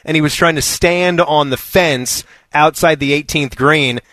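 A man's voice: on the high side, unhurried, bright, forceful tone, no room sound. Chuckling male radio co-host telling stories. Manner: storytelling, laughs often. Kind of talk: casual sports radio chat. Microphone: studio mic.

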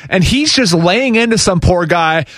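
A man's voice: sits high, no echo, studio quality. A man co-hosting a sports radio show, ranting casually and emphatically. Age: adult with young children. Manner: animated, emphatic, quick rants.

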